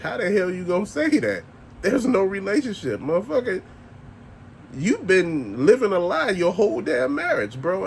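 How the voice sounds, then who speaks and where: A man's voice: fairly high pitch, a little hiss or hum. A middle-aged man ranting in a blunt, profane, conversational way, speaking off the cuff as a vlogger. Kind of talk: casual ranting monologue.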